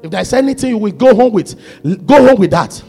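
A husky, gravelly male pastor preaching a sermon. His high voice leaps all over, rising to shouted peaks and dropping to near-murmurs, with faint music under him. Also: expressive, normal speed. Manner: preaching with sudden shouted climaxes and hushed low passages.

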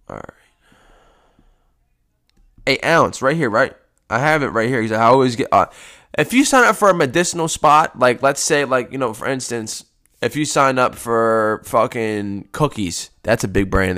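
A man rambles through a casual podcast from home, swearing freely in a laid-back way. His voice is a little congested from post-nasal drip. His pitch sits in an ordinary middle range. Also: fairly bright tone. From United States. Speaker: podcast host. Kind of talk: casual solo podcast chat.

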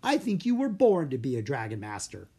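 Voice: mid-range voice, wildly swooping pitch, brisk, dark tone, slightly rough, full character voice. A reader voicing an upbeat young girl hero. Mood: encouraging. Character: cheerful young girl dragon master. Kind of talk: audiobook character reading.

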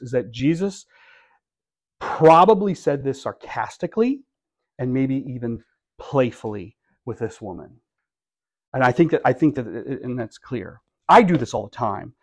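A middle-aged man delivers a sermon in an easy, conversational way. His voice sits in a middle pitch, and his tone is often ironic. He pushes hard with animated emphasis on the points he wants to land. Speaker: pastor.

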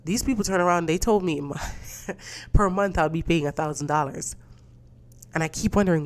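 She hosts a podcast and goes on a casual, profane, indignant solo rant, acting out quoted voices as she tells stories. Her pitch is fairly low, and she speaks at normal speed, pausing often.

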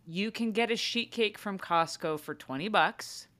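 A woman's voice: mid-range voice, unhurried. A woman in her thirties co-hosting a podcast, telling a story in casual chat and acting out her children's lines. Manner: animated storytelling, acts out her kids' voices. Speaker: podcast co-host.

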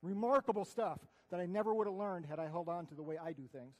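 A man giving an earnest, conversational sermon, swinging between loud declarations and hushed asides. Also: high-pitched, steady tone, fast. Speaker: preacher. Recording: long hall reverb.

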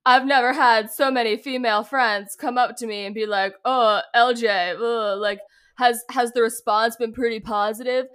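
A woman's voice: a little high, fairly even intonation, normal speed, a bit bright, clean tone, close to an everyday voice. A woman putting on an exaggerated, mocking male voice to impersonate a TV host.

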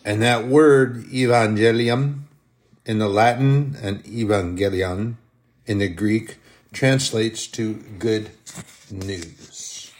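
Man, preacher, sermon, slow unhurried delivery, emotional, loud swells and soft drops. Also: fairly low pitch, steady tone. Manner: impassioned, swelling loud on scripture then dropping soft; emotional, moved while reading.

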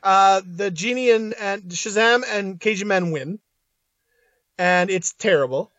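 A man's voice: high voice, measured pace, a bit bright, dry recording, dull audio. A young man co-hosting a casual podcast, blunt and profane, often laughing as he talks. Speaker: co-host.

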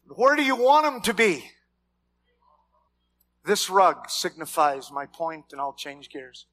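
High, bright-voiced animated preacher man. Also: slow pace, pauses often. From Mexican heritage, raised among white Americans. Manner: animated preaching with shouted peaks and humor. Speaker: pastor. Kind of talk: sermon.

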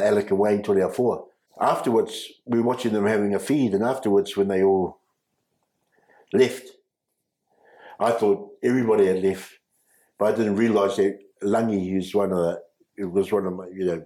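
A man, recounting his life as an interview guest, halting with restarts and frequent chuckles. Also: fairly low pitch, steady tone, warm tone. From New Zealand. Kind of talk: personal storytelling. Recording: echoey room.

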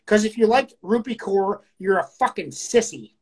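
A woman's voice: medium pitch, moderate pace, darkish tone, slightly rough. A young Canadian woman co-hosting a casual podcast, blunt and opinionated, swearing heavily. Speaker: podcast co-host. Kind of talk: casual chat.

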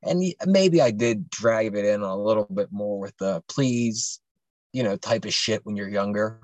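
Low-voiced man telling a rambling story. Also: normal speed, a little mellow, no echo. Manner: rambling, profane, many fillers and restarts. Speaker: podcast guest telling a personal story. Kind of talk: casual storytelling.

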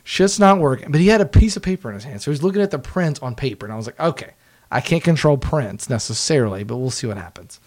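A man's voice: medium pitch, quick pace. A man telling a work story in casual chat, swearing freely and laughing as he talks. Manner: profane, laughing, animated storyteller. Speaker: guest, former team video staffer.

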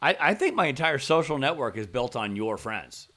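A man, co-hosting a casual podcast chat and telling stories with animated, laughing delivery. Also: mid-range voice, moderate pace. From American South. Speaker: podcast co-host.

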